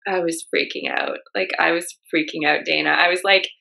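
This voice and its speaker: A young woman shares her story of loss on a talk show she co-hosts. Her voice sits low and carries a steady gravelly fry. She talks candidly and emotionally, sprinkling in "like" as she goes. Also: a little fast, poor audio. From Canada. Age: young adult. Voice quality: frequent "like" fillers, emotional storytelling. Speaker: co-host. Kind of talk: candid conversation about grief.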